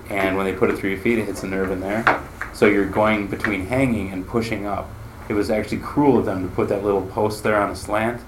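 A man's voice: lowish voice, slight background noise. A man teaching a Bible class in a conversational way, asking his listeners questions as he explains.

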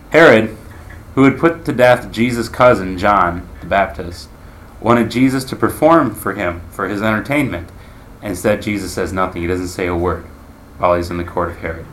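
A man's voice: deep voice, a bit bright, slight background noise. A man teaching a Bible class in a conversational way, asking his listeners questions as he explains.

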